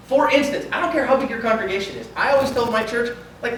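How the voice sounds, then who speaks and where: Animated pastor speaking in an echoey hall. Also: male voice, very high voice, quick pace, few pauses, distant mic, a little hiss or hum. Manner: animated, acts out little dialogues. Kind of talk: conference talk. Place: large conference hall.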